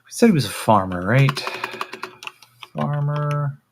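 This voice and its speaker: A man running a solo tabletop role-playing game on a stream, relaxed and thinking aloud with a lot of fillers and swearing. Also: a little high, takes it slowly, background noise. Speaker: solo game master and player.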